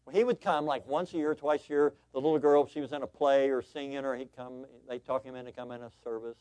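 A man preaching a sermon as pastor, telling a story with animated voices before turning earnest and exhorting his congregation. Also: medium pitch, quick pace, no room sound.

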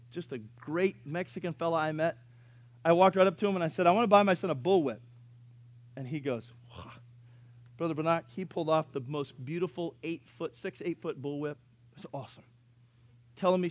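A man in his thirties preaching a sermon, telling folksy stories with joking asides and rising to loud, emphatic preaching. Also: fairly high pitch. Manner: swings from quiet storytelling to loud preaching. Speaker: pastor.

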